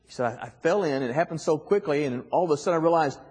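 A middle-aged man with a husky voice, telling a heartfelt personal story as a guest speaker, his voice dropping soft at emotional moments. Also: very fast, few pauses. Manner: emotional, voice dropping soft and rising high in quoted lines. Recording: long hall reverb.

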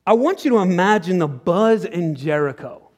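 A man's voice: high voice, animated, moderate pace, a little mellow. A man preaching a sermon in church, telling a story with acted-out dialogue and sudden drops to a near whisper. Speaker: pastor. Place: church sanctuary.

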